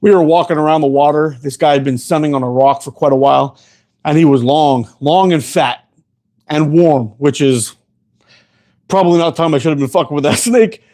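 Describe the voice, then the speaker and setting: Fairly quick and warm, with a voice on the high side, this Canadian host chats casually on his show. His stories ramble, swear heavily, and are punctuated by frequent laughter.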